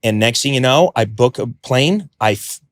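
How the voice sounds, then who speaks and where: A man telling a story as a podcast guest, animated, acting out quotes and swearing freely. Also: mid-range voice, normal speed, heavy background noise. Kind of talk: podcast interview.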